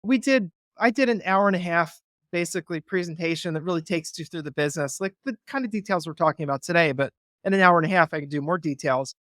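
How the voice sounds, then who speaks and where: Interviewed as a guest, a real estate investor explains things conversationally, speaking earnestly and persuasively and acting out phone calls to illustrate his points. His slightly high, fairly bright voice moves fast, recorded as clean studio sound without room sound.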